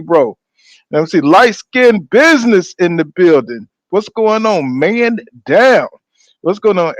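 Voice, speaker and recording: A man hosting a casual live boxing stream, energetically reeling off shout-outs to his viewers. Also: sits high, no room sound, highs cut off. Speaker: boxing channel host.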